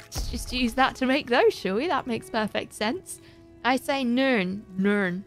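A woman's voice: high voice, lively intonation, normal speed, soft background music. A woman livestreaming a video game, rambling in a playful, self-mocking way to her chat. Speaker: livestreaming gamer. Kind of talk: casual gaming commentary.

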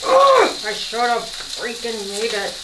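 A woman hosting a casual cooking vlog in her kitchen, excitable and nervous, laughing a lot as she cooks. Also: fairly high pitch, measured pace, heavy background noise. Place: indoor kitchen under lights. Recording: roomy echo, distant from mic, kitchen sizzle. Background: food frying and sizzling.

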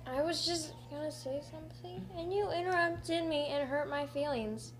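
High-voiced giggly teen girl co-host. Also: moderate pace. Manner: teasing, giggly. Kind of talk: playful banter.

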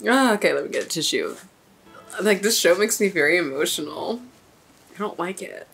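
A woman's voice: lowish voice, animated, normal speed, gravelly, fairly bright tone, husky. A young woman hosting an anime reaction video, chatting casually and getting emotional, laughing often.

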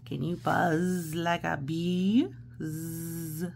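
A woman reading a children's picture book aloud slowly and playfully, chatting about the pictures and acting out the silly noises. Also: deep voice, little pitch movement, creaky, slight background noise. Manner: slow, gentle, playful, acts out noises.

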